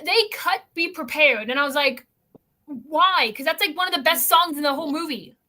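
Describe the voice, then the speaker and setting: A woman co-hosting a casual podcast chat, talking in quick, chatty asides. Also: high voice, bright, forceful tone. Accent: non-local accent that others remark on. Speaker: co-host.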